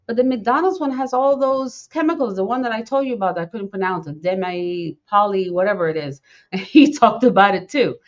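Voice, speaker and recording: A woman's voice: medium pitch, lively intonation, brisk. A middle-aged woman hosting a podcast, talking in an impassioned, rambling way and repeating herself. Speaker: podcast host. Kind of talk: casual talk. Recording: dull lo-fi sound.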